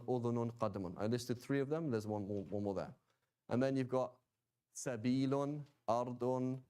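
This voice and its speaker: A man's voice: mid-range voice, darkish tone. Chatty male teacher checking in often. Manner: chatty, checks in with "right?" and "okay?"; joking asides. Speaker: Quranic Arabic teacher. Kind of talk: informal class lecture.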